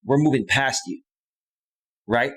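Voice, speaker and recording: A man in his thirties rants on a live stream, combative and heated, hammering the same phrases again and again. His voice sits in an ordinary middle pitch. He talks close to a clean studio microphone. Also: measured pace, a bit bright, slightly rough. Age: 30s. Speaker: live stream host, life coach. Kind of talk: ranting live stream monologue. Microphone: close studio microphone with a limiter.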